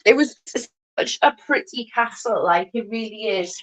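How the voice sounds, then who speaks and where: A woman's voice: fairly high pitch, a little slow, a little hiss or hum. Giggly woman in her forties. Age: 40s. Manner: rambling, giggly storytelling. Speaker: livestream host. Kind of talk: casual chat with viewers.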